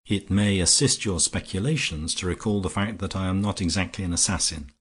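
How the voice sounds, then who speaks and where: Grave gentleman sleuth read by a man, low, husky, measured storybook voice. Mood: calm, grave. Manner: measured, composed, explanatory. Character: grave, calm English gentleman detective.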